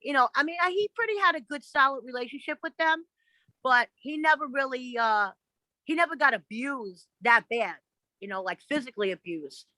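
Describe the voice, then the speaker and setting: A woman guest on a podcast tells stories bluntly and animatedly, swearing a lot and acting out the voices of people she quotes. Her high voice is crisp and bright at a normal speed. The recording is dry and close but low in quality.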